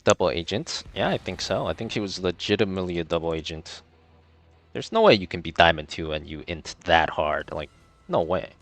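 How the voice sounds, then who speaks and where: A man's voice: sits low, sing-song, brisk, vocal fry, a bit bright. A man streaming a game live, talking through his play and ranting in exasperation about his teammates. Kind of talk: live gameplay commentary.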